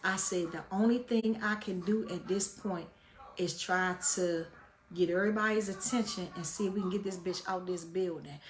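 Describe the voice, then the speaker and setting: A woman's voice: lowish voice, normal speed. Blunt, profane woman telling a story. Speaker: vlogger. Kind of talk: casual storytelling.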